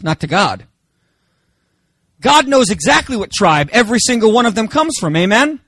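A man from Germany delivers an emphatic sermon, often asking his congregation rhetorical questions. His voice sits high for a man. The sound is dry and close, with no room echo. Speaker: pastor.

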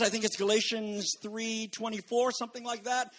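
A man's voice: high voice, level tone, moderate pace, hardly any pauses, fairly bright tone. A man preaching a sermon as pastor, emphatic and building to fervent peaks, calling his listeners folks. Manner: addresses congregation as folks.

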